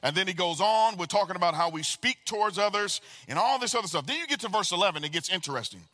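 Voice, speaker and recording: A man preaching a sermon as pastor, animated and calling out to the congregation for responses. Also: high-pitched, fast. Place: church sanctuary. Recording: long reverb of a large hall.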